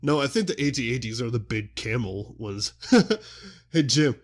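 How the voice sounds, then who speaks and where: A young man hosting a podcast in a casual, excitable, rambling way, often interrupting himself mid-sentence. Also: medium pitch, unhurried. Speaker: podcast host.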